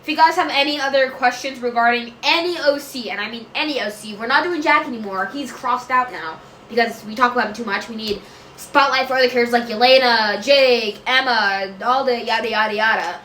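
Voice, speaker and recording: Bright-voiced woman rambling in an echoey room. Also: on the high side, fairly quick, slight background noise. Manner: rambling, loses track and corrects herself, laughs often. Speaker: creator answering viewer questions. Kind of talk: casual Q&A chat.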